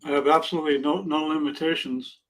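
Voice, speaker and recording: Earnest man in his sixties, higher voice. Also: steady tone, quick pace, low-quality recording. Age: 60s. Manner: earnest, plainspoken, speaks of faith. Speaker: podcast guest. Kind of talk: casual interview chat.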